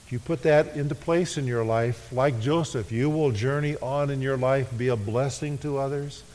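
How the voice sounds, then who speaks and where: A man preaching a sermon, leading his congregation in call-and-response and slowing to a hush on key phrases. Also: medium pitch. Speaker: pastor. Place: church sanctuary. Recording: echoey worship hall.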